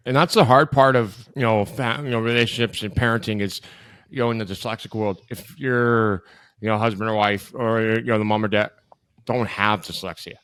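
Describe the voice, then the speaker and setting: A man's voice: on the low side, fairly even intonation, fairly quick, a bit bright, clean tone, no echo. A man who works as a hockey director, talking casually in a rambling way, filling his speech with "you know". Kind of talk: casual conversation.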